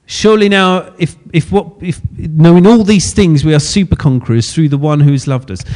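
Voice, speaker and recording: A man's voice: fairly high pitch, normal speed, a little mellow. A man preaching a sermon in a chatty, self-deprecating way, laughing often at his own slips.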